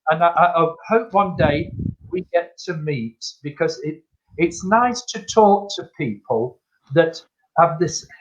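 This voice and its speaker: A man's voice: fairly high pitch, animated, a little slow. An older man, a spiritualist medium, chatting as a guest and acting out the voices in his stories. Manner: acts out dialogue, laughs often, calls people "my friend". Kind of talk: chatty anecdotal storytelling. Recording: dull lo-fi call audio.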